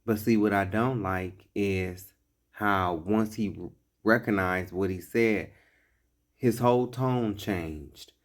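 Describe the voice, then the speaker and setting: A man delivers reaction commentary in a slow, unhurried drawl. His voice sits a bit low. He is blunt, profane and openly mocking.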